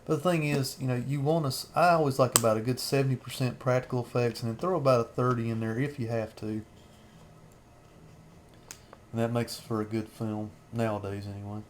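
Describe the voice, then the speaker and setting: A man's voice: mid-range voice, steady tone, fast talker, hardly any pauses, a little hiss or hum. A man in his thirties rambling through a casual film commentary as a channel host, chuckling often between remarks.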